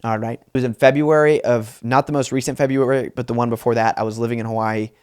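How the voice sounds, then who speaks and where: A man's voice: medium pitch, steady tone, quick pace, a little mellow, clean tone, no room sound, studio quality. A man in his twenties hosting a solo comedy podcast, telling a rambling, self-mocking story with lots of asides. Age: 20s. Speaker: podcast host.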